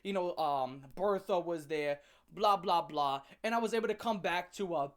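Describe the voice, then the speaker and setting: A woman telling a comic story as a channel host, in a sarcastic, profane and animated rant. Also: fairly low pitch, normal speed.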